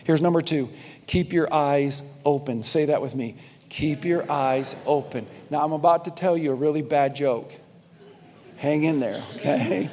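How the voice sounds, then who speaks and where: A man's voice: fairly high pitch, measured pace, darkish tone. A man preaching a sermon in a church, speaking emphatically, repeating key lines and addressing the congregation directly. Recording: long reverb of a large hall.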